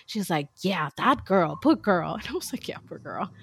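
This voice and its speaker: A woman's voice: on the low side, big pitch swings, moderate pace, vocal fry, husky. A woman in her thirties, a mother and co-host, chatting casually and acting out quoted lines as she tells a story.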